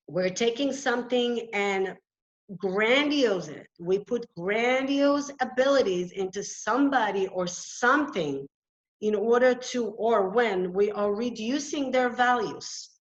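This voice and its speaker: Earnest woman presenting a lo-fi webinar. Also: medium pitch. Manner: earnest, explanatory, with halting restarts. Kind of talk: lecture-style webinar talk. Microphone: video call microphone.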